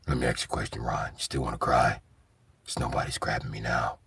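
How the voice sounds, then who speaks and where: A man voicing a menacing, smug male crime-fighter in a low, husky whisper, speaking slowly and creepily. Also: little pitch movement, a bit bright, distant mic, a little hiss or hum, full character voice. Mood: taunting.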